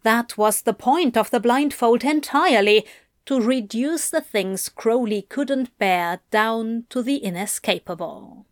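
A woman narrating an audiobook in an expressive, unhurried storytelling manner. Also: on the high side, no room sound, clean studio sound.

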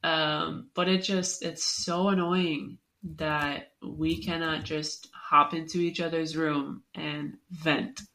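Slow, low-voiced young woman. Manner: supportive, relaxed listener. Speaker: podcast co-host. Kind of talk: casual chat.

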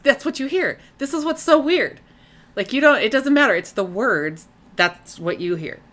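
A woman's voice: fairly high pitch, lively intonation, moderate pace, a bit bright. A woman in her forties co-hosting a casual home podcast, teasing her husband and laughing often. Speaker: podcast co-host. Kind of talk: casual chat.

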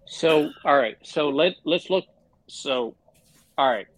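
A man's voice: fairly high pitch, lively intonation, takes it slowly, no room sound. A man co-hosting a casual sports podcast, ranting with lots of swearing. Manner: profane, fired-up rants. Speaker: podcast co-host.

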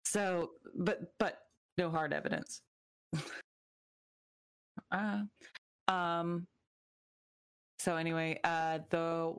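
Low-voiced woman, blunt and sweary. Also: smooth. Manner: blunt, swears, reacts with sarcasm. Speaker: podcast co-host. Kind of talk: casual true crime chat.

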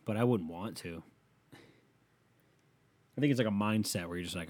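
A man hosting a show, delivering a casual comedic rant that is profane and exasperated, with loud emphatic outbursts. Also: fairly low pitch, moderate pace, long pauses.

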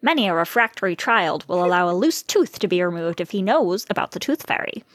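Prim early-1900s lady columnist, read by a woman, old-fashioned and measured, dry close sound. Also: lowish voice, animated, no room sound.

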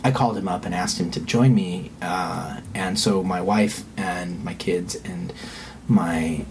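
A man's voice: low voice, unhurried, a little hiss or hum. Candid middle-aged man telling a story. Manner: frank, swears freely, lively when quoting others. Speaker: guest telling a personal story.

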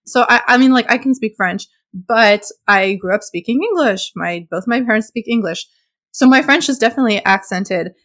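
A woman's voice: a little high, moderate pace, fairly bright tone. A woman from Montreal hosting a podcast, talking in a thoughtful, casual way. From Montreal, Canada. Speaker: podcast host.

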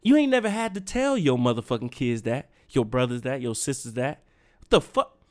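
A man's voice: medium pitch, animated, brisk, darkish tone. A young man hosting a podcast, ranting in a heated, profane, emphatic way. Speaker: podcast host. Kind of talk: solo rant.

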